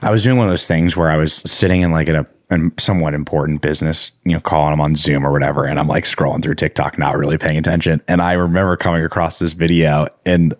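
A man from the northeastern United States hosting an interview, asking relaxed, rambling questions. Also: rumbling low, quick pace, few pauses, dry recording, studio quality. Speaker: podcast host. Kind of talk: casual interview chat.

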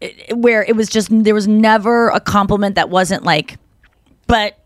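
A woman hosts a podcast in easy casual chat. She tells her stories in a rambling, animated way, full of fillers and restarts. Her voice sits at a middle pitch and sounds dry and close. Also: moderate pace, no echo. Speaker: podcast host.

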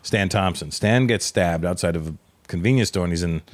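A man's voice: low voice, no echo. A man in his fifties co-hosting a comedy podcast, teasing and profane in casual banter. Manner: teasing, profane, quick to laugh.

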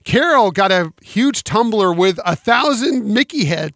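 A man's voice: high-pitched, expressive, a little slow, a bit bright, no room sound, clean studio sound. A man co-hosting a podcast, talking sentimentally and rambling with many ums. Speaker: podcast co-host. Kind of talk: casual podcast chat.

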